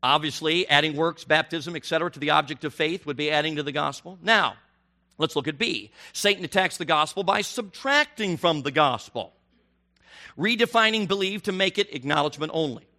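A middle-aged man preaching a sermon, animated and rising to near shouts on his emphatic questions. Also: a little high, brisk.

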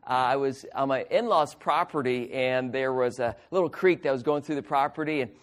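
A man's voice: mid-range voice, a little fast. A middle-aged man preaching a sermon, telling folksy, self-mocking stories and acting out the voices of people in them. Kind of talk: sermon storytelling.

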